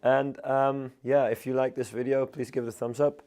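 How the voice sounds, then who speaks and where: A Dutch man, a hoarse and unwell floristry teacher, chatting casually while hosting a live arranging demonstration. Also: medium pitch, normal speed. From Netherlands. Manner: relaxed, chatty, many fillers.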